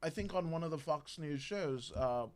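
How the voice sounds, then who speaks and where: A man's voice: on the high side, lively intonation, moderate pace, darkish tone. A man co-hosting a casual sports chat, rambling with many fillers and restarts. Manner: rambling, filler-heavy, self-correcting. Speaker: podcast co-host.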